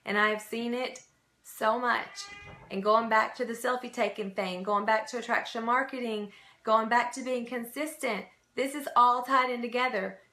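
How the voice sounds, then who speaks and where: A woman's voice: on the high side, fairly even intonation, moderate pace, bright, forceful tone, roomy sound. A woman giving an emphatic, repetitive motivational training talk to her sales team.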